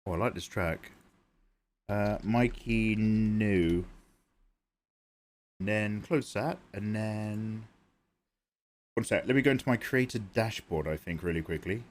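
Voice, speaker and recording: A man's voice: lowish voice, takes it slowly, pauses often. A man livestreaming his digital drawing, rambling and joking as he talks to his chat. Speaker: art livestreamer.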